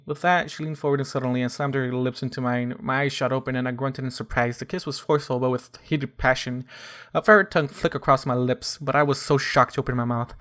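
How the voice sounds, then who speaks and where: A man's voice: mid-range voice, fairly even intonation, fast, fairly bright tone. A man reading a first-person fan fiction story aloud, often stumbling and correcting himself. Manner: stumbling restarts and self-corrections.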